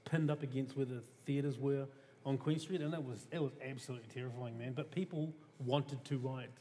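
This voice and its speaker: A man's voice: medium pitch, fairly even intonation, fairly quick, warm tone. A man with a New Zealand accent speaks on a panel in an emphatic, casual way. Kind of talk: panel discussion. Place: museum hall. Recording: reverberant hall, faint hiss.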